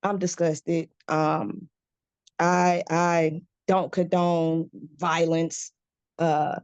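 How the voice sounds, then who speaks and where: Woman chatting on a podcast panel, halting, lots of restarts, dry close sound. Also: on the low side, little pitch movement, a little mellow, clear, resonant tone, no echo, highs cut off. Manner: hesitant, restarts often. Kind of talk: casual panel discussion. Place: video call from home.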